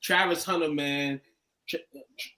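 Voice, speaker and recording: A man's voice: on the high side, steady tone, unhurried, pushed and bright. A man co-hosting a casual sports chat, slangy and laid-back. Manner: slangy, laid-back, calls people dog. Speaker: sports podcast co-host.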